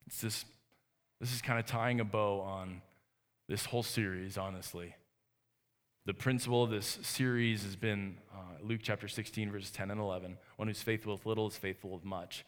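A man's voice: on the low side, fairly even intonation, normal speed. A man in his thirties giving an earnest, conversational sermon as a pastor in a church. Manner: earnest, conversational preaching with restarts. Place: church sanctuary. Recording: reverberant hall.

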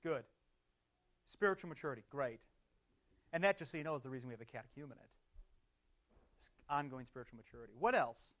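A man's voice: mid-range voice, animated, fast talker, long pauses, fairly bright tone. A man leading a church discussion group, chatty and affirming, laughing often, recorded in a dull lo-fi recording. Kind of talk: casual group teaching.

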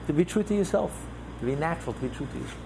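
A man's voice: a little high, expressive, rapid-fire, vocal fry, background noise. A man teaching a religious text class, explaining a passage with repeated, list-like phrases. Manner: repetitive, builds through lists of phrases. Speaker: Torah teacher.

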